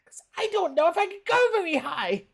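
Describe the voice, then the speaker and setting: A woman doing a pinched, strained falsetto impression of a furry red puppet monster who talks about himself in the third person, during gaming livestream commentary. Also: very animated, fairly quick, vocal fry, exaggerated voice. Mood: strained silly.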